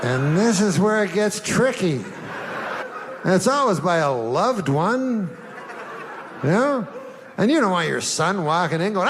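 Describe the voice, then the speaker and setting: High-voiced musing stand-up comedian. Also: male voice, animated, measured pace. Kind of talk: stand-up set. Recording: live hall reverb, faint noise.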